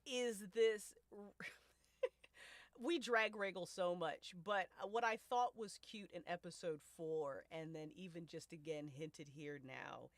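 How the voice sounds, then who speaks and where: A woman hosting a casual podcast chat as the show's writer, animated and profane, often laughing. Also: lowish voice, takes it slowly, no echo. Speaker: podcast writer and cast host.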